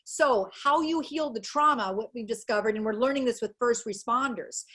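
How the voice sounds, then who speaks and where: A woman's voice: a little high, moderate pace, fairly bright tone. Earnest woman giving a webinar talk, gets emotional telling stories, on a video call. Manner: earnest, emotional, acts out quotes. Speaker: guest speaker, educational psychologist.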